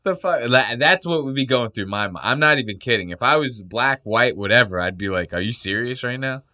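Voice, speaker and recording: Podcast guy, swears a lot, goofy bits doing other people's voices, normal pitch. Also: brisk. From Puerto Rico heritage. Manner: profane, animated, jokey, acts out quoted voices. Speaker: podcast host. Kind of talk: casual podcast chat.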